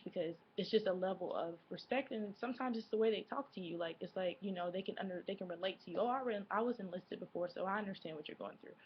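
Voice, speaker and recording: A woman's voice: on the low side, a little hiss or hum. Chatty young woman with a slightly dull sound. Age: 20s. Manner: chatty, lots of fillers and self-corrections. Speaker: vlogger. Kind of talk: casual chat to camera.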